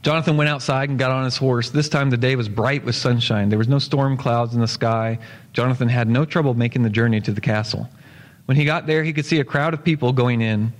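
Pastor telling a story in a reverberant church. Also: male voice, medium pitch. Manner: steady storytelling, slowing for emphasis. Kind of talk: sermon, reading a story aloud. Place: church sanctuary. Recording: long church hall reverb.

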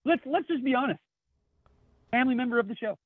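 A man's voice: very high-pitched, expressive, quick pace, husky, no room sound. A man co-hosting a podcast in casual chat, laid-back and swearing, laughing as he reads out memes. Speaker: podcast co-host. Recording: dry, phone-like narrow sound.

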